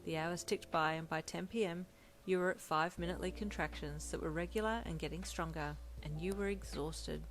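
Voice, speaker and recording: A woman narrating second-person romance fanfiction in a gentle, unhurried reading. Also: on the low side, faint music behind, low-quality recording. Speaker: fanfiction reader.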